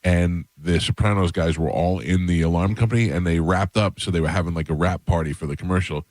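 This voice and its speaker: Deep-voiced man telling a story. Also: brisk, no room sound, studio quality. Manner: animated, acts out quoted voices. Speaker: radio host. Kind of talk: casual storytelling. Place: radio studio.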